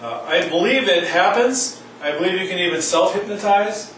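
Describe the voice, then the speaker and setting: A man's voice: sits high, lively intonation, normal speed, a bit bright, a little hiss or hum. A man giving a college lecture, reading aloud and adding wry comments. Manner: reads aloud and comments wryly. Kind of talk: classroom lecture. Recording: echoey room from far off.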